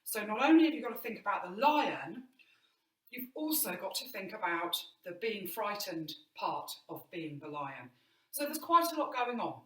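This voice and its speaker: A woman's voice: mid-range voice, very animated, normal speed. A woman drama teacher giving an online movement lesson indoors, encouraging and demonstrating as she explains. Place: indoor room. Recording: roomy, mic at a distance.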